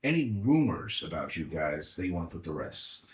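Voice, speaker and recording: Podcast host, man, lowish voice, rambling casual questions, roomy room sound. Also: very animated, normal speed. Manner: rambling, loose questions with many fillers. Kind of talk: casual interview chat. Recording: roomy echo.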